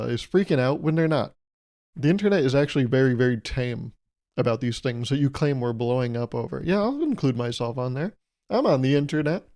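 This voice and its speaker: A young man with a fairly high, darkish voice hosts his own podcast, rambling through a casual comedic monologue. Now and then he slips into playful mock voices.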